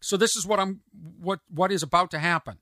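Male podcast host, solo comedy monologue, high bright voice, rambling, self-mocking, dry close sound. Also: fairly quick, dry recording. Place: home studio in a converted camper.

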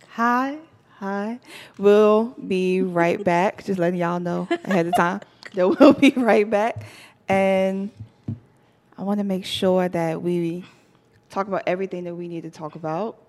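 A woman hosting a casual talk show from a studio, chatty and quick to laugh. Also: mid-range voice, darkish tone. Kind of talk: casual chat.

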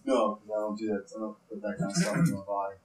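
A man's voice: fairly low pitch, animated, fast. A man running a tabletop game as game master, narrating loosely with hesitations and fillers. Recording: roomy room with faint noise.

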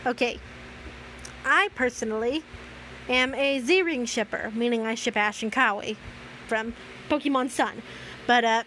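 A woman's voice: fairly high pitch, unhurried, long pauses, a bit bright, slight background noise, low-quality recording. A young woman reading fan fiction aloud, stumbling and correcting herself, breaking off for sarcastic asides.

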